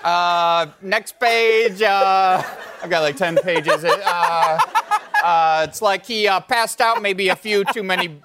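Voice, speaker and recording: A man voicing a folksy, dim-witted guy reading a book aloud in a slow, plainspoken drawl, on a noisy recording. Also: sits high, expressive, gravelly, pitched above the performer's own voice, heavily acted.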